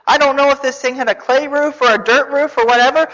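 Preacher, sermon, high voice, storytelling with rhetorical questions, long hall reverb, dull sound. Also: fast talker, few pauses. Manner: animated storytelling, rhetorical questions, joking asides.

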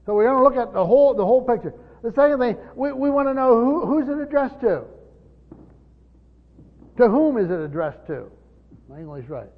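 A man with a high voice teaching a Bible lesson from a church pulpit. He speaks with emphasis and keeps posing rhetorical questions to the room. The recording is dull and lo-fi, with a long hall reverb trailing each phrase. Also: expressive, fast, few pauses. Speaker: pastor teaching Bible study. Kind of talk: teaching sermon.

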